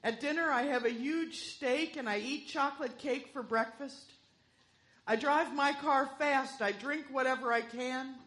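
A woman's voice: high-pitched, a little slow, a bit bright, pitched above the performer's own voice. A woman putting on a chipper little old man. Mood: boastful. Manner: bragging, carefree.

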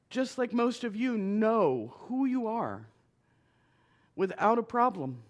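A man's voice: high voice, very animated, takes it slowly. A man, a minister, telling a personal story to an audience with heartfelt emphasis and short punchy phrases.

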